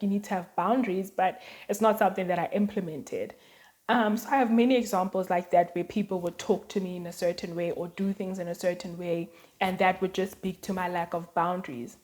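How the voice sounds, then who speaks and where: Talking casually to her viewers, a woman shares stories from her life in a chatty way, leaning heavily on "like" and other fillers. Her voice sits mid-range and sounds slightly mellow.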